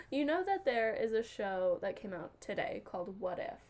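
A woman's voice: on the high side, sing-song, a little slow, heavy background noise. A young woman with a stuffy nose, chatting playfully and laughing on a podcast. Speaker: podcast co-host. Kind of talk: casual chat.

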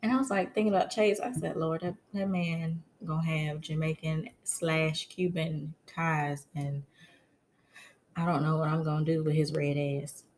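A young adult woman co-hosting a podcast, telling stories in an animated, expressive way. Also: deep voice, moderate pace, slight background noise. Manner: animated, expressive storytelling banter. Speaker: podcast co-host. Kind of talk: casual chat.

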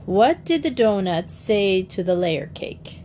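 A woman plays a friendly young man who talks in a relaxed, easy way. His delivery stays slow and unhurried, in a mid-range voice. Faint noise sits under the reading. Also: mid-range voice. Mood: easygoing. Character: young man Tom, easygoing and kind driver.

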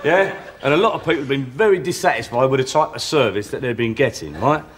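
An actor playing a dodgy, chatty male Cockney burglar who delivers a sales pitch in a Cockney accent and keeps adding "right?" to his lines. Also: expressive, quick pace, lightly acted. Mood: cheeky. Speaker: sketch character.

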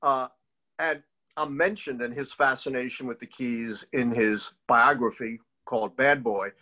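A man's voice: mid-range voice, measured pace, poor audio. An older man, a political historian, telling stories in an interview and acting out the people he quotes. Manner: animated storyteller who acts out quoted voices. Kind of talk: storytelling interview.

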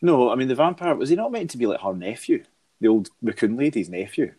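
Teasing man, chatty podcast co-host, husky edge. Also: mid-range voice, big pitch swings, quick pace, warm tone. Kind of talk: casual chat about a book.

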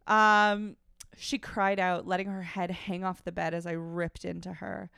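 Brief: woman co-host with a low, gravelly voice, dry close-mic sound, reads a story aloud with blunt wry asides. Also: level tone, unhurried, bright, forceful tone, dry recording. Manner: breaks off from reading to make frank, wry asides. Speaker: podcast co-host. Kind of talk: reading fiction aloud with commentary.

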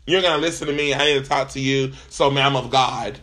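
A man's voice: mid-range voice, fairly quick, fairly bright tone. A man telling a comic, profane, exasperated story in casual talk as a host. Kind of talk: comedic storytelling rant.

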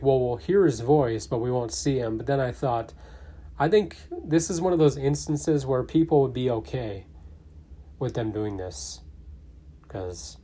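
A man's voice: medium pitch, warm tone. A man casually narrating and commenting on his own fan theory, thinking aloud with fillers. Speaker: fan theory video maker.

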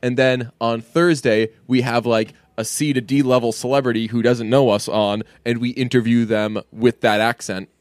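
A man's voice: medium pitch, flat delivery, moderate pace, hardly any pauses, no room sound. Profane rambling podcast guy, dry sound. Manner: profane, rambling, laughs often. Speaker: podcast co-host. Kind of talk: casual podcast chat.

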